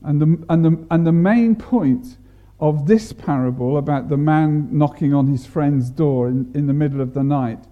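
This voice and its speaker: A man preaching a sermon, deliberate, repeating and stressing words to make his point. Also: on the high side, narrow, tinny audio.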